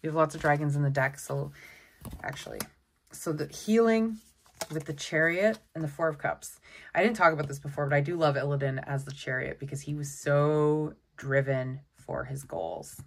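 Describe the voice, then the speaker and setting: A woman giving a casual tarot deck walkthrough, chatty and excitable, often exclaiming over the cards. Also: low-pitched, normal speed. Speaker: tarot content creator.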